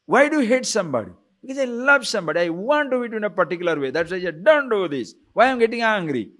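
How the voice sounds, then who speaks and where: A man giving a spiritual lecture on scripture, who keeps asking his listeners rhetorical questions, chuckles often and slowly chants Sanskrit phrases. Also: high voice, big pitch swings, fairly bright tone. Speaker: spiritual teacher.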